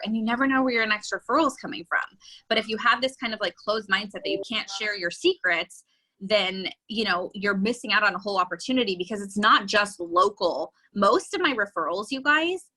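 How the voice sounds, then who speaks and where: A woman's voice: medium pitch, pushed and bright, low-quality recording. A woman real estate agent and coach giving an enthusiastic, chatty webinar talk with many fillers.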